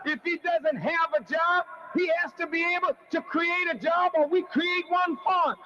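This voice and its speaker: High-voiced man preaching with fire. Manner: declamatory, shouting for emphasis, drawn-out words. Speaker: preacher addressing a congregation. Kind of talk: fiery sermon. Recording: lo-fi, noisy live recording.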